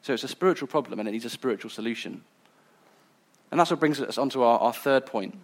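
Speaking fast in a mid-range voice, a man gives an earnest sermon in a conversational style, occasionally restarting his sentences.

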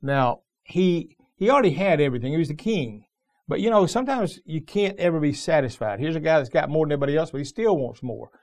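A middle-aged male pastor delivers a sermon in a fairly high voice for a man. He talks in a loose, conversational way, often restarting his sentences as he tells a story. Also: animated, fast talker, darkish tone.

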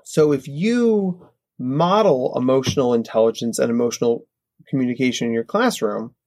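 A man in his thirties, a psychologist guest, explaining in an animated, conversational way and often checking in with "right?". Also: medium pitch. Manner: animated, acts out kids' voices, frequent "right?".

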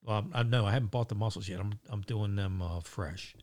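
A man's voice: on the low side, a little fast, a little mellow. A middle-aged man telling a casual, rambling story about his day, full of fillers and casual swearing. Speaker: vlogger.

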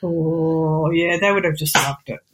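A middle-aged Australian woman, a guest in a casual interview, animated, joking and self-mocking. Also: low-pitched, unhurried, slightly rough.

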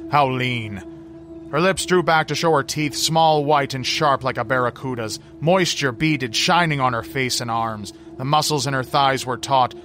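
A man narrating a horror story with dramatic, drawn-out phrasing. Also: medium pitch, a bit bright, slight background noise. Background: faint music.

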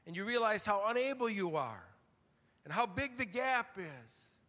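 An older man preaching a conversational, storytelling sermon, swinging from loud emphasis to hushed, near-whispered lines. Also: high voice, sing-song, a little slow. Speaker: pastor. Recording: long church reverb.

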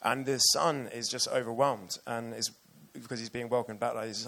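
A man's voice: medium pitch, steady tone, moderate pace, vocal fry, hardly any pauses, fairly bright tone. A man preaching a sermon earnestly and with emotion, reading passages aloud to his church.

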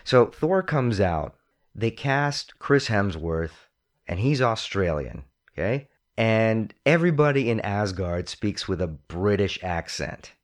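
A man with a lower voice talks through films with a lot of swing in his pitch. He leads a casual discussion. When he quotes someone, he slips into put-on voices. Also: takes it slowly. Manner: animated, puts on voices when quoting.

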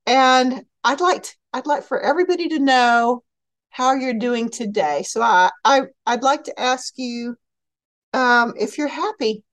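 A woman with a Texas accent hosting a podcast interview, asking gentle, encouraging questions over a remote call. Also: a little high, measured pace, no echo. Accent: Texan. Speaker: podcast host.

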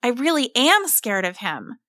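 A woman voicing a frightened little farm boy in a hushed, trembling whisper. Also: a little high, very animated, a little slow, no echo, pitched above the performer's own voice, exaggerated voice. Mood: miserable.

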